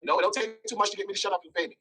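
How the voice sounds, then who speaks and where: Rapid, husky, animated man telling a story. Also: sits high, low-quality recording. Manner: blunt, animated, acts out dialogue. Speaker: interview guest. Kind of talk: candid interview storytelling.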